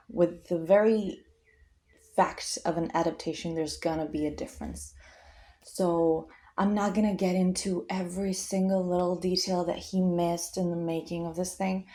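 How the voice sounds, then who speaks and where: A woman's voice: fairly low pitch, steady tone, normal speed, warm tone. A young woman vlogger rambling casually about a book, chatty and full of fillers and tangents.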